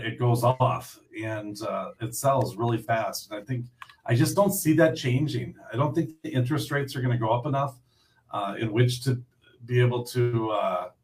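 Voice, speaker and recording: A man's voice: mid-range voice, moderate pace, recorded from a distance. A man hosting a casual chat, easygoing and thinking aloud between questions. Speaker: host.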